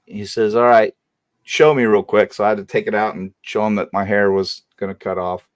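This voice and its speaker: Animated storytelling man, dry sound. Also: fairly low pitch, brisk, dry recording. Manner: animated, acts out shouted quotes in a raised voice. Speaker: host. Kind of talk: storytelling on a panel livestream.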